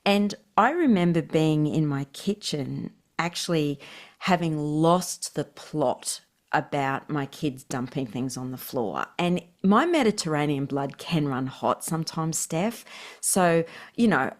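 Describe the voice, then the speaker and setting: A middle-aged woman with a slightly low voice, talking as a podcast guest. She tells her stories in an animated way and laughs often. She talks about family life with warmth and ease. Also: measured pace. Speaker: parenting expert guest. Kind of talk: podcast interview.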